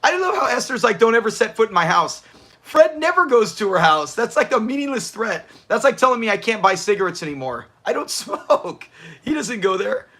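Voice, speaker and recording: A man's voice: very high-pitched, very animated, brisk, bright, forceful tone. A man hosting a livestream watch party, chatting casually, answering viewers and laughing often. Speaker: livestream host.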